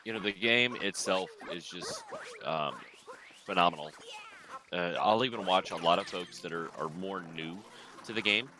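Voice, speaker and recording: A man's voice: sits low, moderate pace, noisy background. A man co-commentating a speedrun race in a laid-back, hesitant way with many ums and uhs. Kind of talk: live game commentary.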